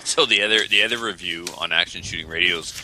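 A man's voice: low voice, quick pace, pushed and bright, slight background noise. A man, co-hosting a podcast in casual, teasing banter. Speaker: podcast co-host.

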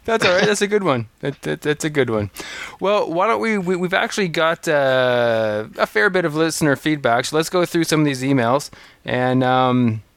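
A man's voice: fairly high pitch, expressive, normal speed, fairly bright tone, dry recording. A man hosting a podcast, chatting casually in an earnest way, laughing often and restarting words. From Canada. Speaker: podcast host. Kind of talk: casual chat.

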